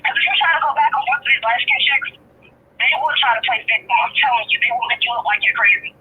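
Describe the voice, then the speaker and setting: A woman's voice: high-pitched, quick pace. A woman calling in by phone, talking candidly and at length with lots of fillers. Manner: candid, talkative, frequent fillers. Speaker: caller. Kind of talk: phone-in chat. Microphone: telephone. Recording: tinny phone line with faint hiss.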